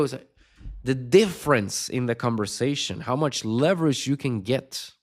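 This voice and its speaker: A man's voice: mid-range voice, lively intonation, moderate pace. Blunt, foul-mouthed male sales coach. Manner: blunt, swears constantly, punchy emphatic delivery. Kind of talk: unscripted video lesson.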